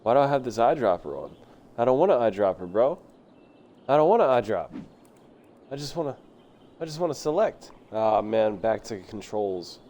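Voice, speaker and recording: A man streaming a city-building game live, rambling excitedly and talking to himself as he plays. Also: medium pitch, normal speed, pauses often. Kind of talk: casual live gameplay commentary.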